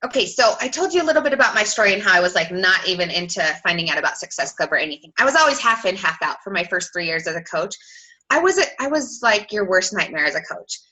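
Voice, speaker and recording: A woman in her thirties talking fast and chattily as a team coach, her voice bright and forward. She fills her talk with "like" and slips into little acted-out messages and reactions. Her pitch sits right in the middle. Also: sing-song, poor audio. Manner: fast, chatty, lots of "like", acts out quoted messages. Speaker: sales team coach on a team call.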